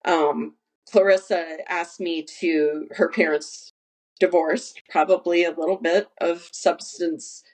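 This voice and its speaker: This is a conversational interview with a woman guest, a nursery founder, who tells stories earnestly, restarts often, and acts out quoted dialogue. Her voice is fairly low and a little mellow, with fairly even intonation and a slow delivery, and the audio is poor.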